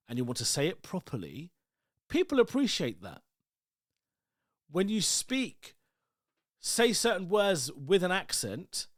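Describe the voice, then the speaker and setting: A man's voice: a little high, a bit bright, no echo, clean studio sound. A man, hosting his own podcast as a loose, rambling solo monologue full of asides. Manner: rambling, chatty, many asides and "like"s. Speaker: podcast host.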